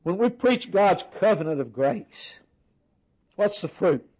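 A man's voice: high-pitched, expressive, slow, darkish tone, poor audio. A man preaching a sermon, stringing words into rhythmic, emphatic lists.

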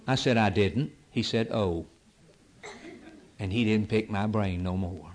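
A man preaching a sermon in a rhythmic, repetitive cadence, swinging between near-shouts and hushed whispers. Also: fairly low pitch, normal speed. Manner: impassioned, rising to near-shouts and dropping to whispers.

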